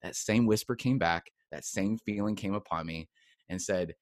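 A man, a former pastor turned coach, telling his story as an interview guest in a casual, animated way, acting out quotes. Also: low-pitched, normal speed, dry recording, studio quality. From United States. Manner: casual, expressive, acts out quotes with big swings.

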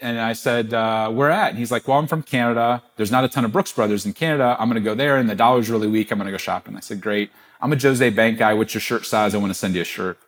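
A middle-aged man, a podcast guest, telling a business story with animated quoted dialogue. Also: lowish voice, quick pace, few pauses. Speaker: guest, gift-giving business founder.

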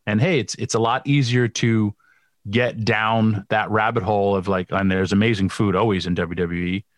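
A man hosting a podcast, relaxed and chatty, full of fillers as he talks about his own wrestling days. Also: lowish voice, moderate pace, no echo, clean studio sound. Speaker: podcast host, former wrestler. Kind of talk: casual chat.

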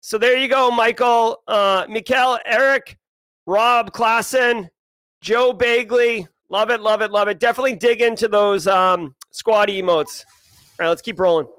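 High, bright Boston host. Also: male voice, a little slow, clear, resonant tone, no echo. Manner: energetic, rambling, self-joking. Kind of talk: casual live-stream chat.

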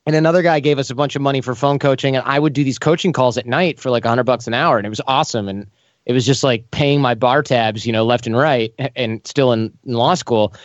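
A man in an interview, telling lively stories and acting out the voices of the people in them. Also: medium pitch, quick pace, no room sound, dull audio. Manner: animated, acts out quoted voices. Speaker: podcast host as guest. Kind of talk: casual storytelling interview.

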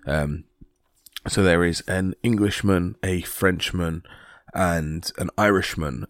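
A man's voice: low voice, no echo, studio quality. A man from England hosting a podcast on his own, talking casually with a rambling, self-mocking manner and plenty of ums and restarts. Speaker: podcast host. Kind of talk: casual solo podcast talk.

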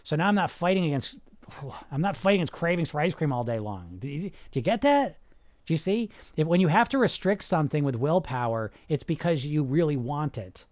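A man's voice: on the high side, expressive, brisk, a little mellow, dry recording. A man coaching a group on weight loss, blunt and emphatic, sometimes swearing, who keeps asking rhetorical questions.

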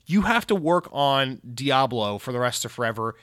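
A man's voice: medium pitch, very animated, moderate pace, fairly bright tone, dry recording, clean studio sound. A man doing a sneering corporate boss. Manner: sneering, dismissive. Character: cruel bossy male publisher executive.

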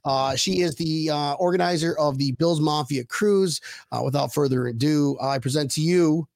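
A man's voice: a little high, animated, normal speed, no echo, studio quality. Upbeat Buffalo man hosting a show. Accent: Buffalo, New York. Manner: upbeat, jokey, many "uh" fillers. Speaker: podcast host. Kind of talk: casual live show hosting.

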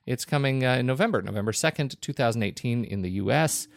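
A man raised in Colorado co-hosting a podcast, chatting casually in a halting way with many fillers. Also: medium pitch, expressive, gravelly, a little hiss or hum. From Colorado, United States. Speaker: podcast co-host. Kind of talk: casual chat.

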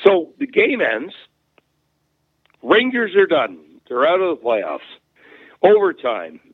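A former hockey player, interviewed as a guest, rambles through casual stories full of fillers and restarts. His voice sits high and husky with wildly swooping pitch and a slow pace, recorded dry with a narrow, phone-like sound.

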